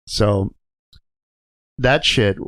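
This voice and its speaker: Low-voiced, profane trucker telling stories. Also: male voice, drawn-out words, a bit bright, no echo. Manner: profane, rambling, laughs through stories. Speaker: trucker guest. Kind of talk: casual storytelling. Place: podcast studio.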